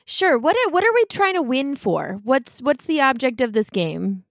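A woman's voice: high voice, very animated, normal speed, no echo, clean studio sound. A woman playing a tabletop game, asking questions in a playful, chatty way. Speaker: player. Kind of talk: casual tabletop play.

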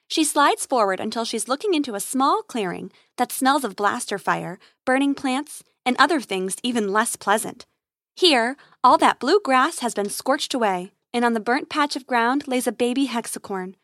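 A woman narrating a children's space adventure story in a lively, expressive read-aloud manner. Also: on the high side, moderate pace, no room sound, clean studio sound.

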